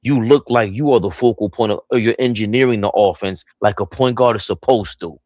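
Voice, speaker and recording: A man's voice: on the low side, a little fast, a little mellow, no echo, studio quality. A man hosting a sports talk stream, ranting in a heated, profane way. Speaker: host.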